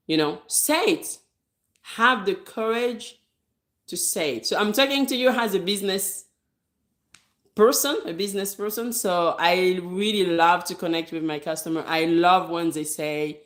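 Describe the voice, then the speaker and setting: A hair braider who runs her own business speaks directly to viewers in a casual advice monologue, her voice on the low side, a little slow and a bit bright. She's direct and emphatic, repeating her key points and laughing lightly between them.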